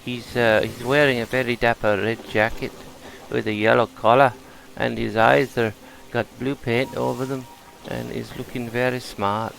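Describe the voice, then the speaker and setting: A man's voice: medium pitch, little pitch movement, normal speed, gravelly, hardly any pauses, fairly bright tone, poor audio. A British man giving chatty gameplay commentary, explaining game mechanics as he plays. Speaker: gameplay streamer.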